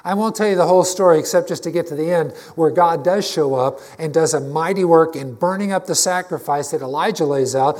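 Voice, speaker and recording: High-voiced man preaching a sermon. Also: a little fast, hardly any pauses, darkish tone. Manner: conversational, emphatic preaching with frequent restarts. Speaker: pastor.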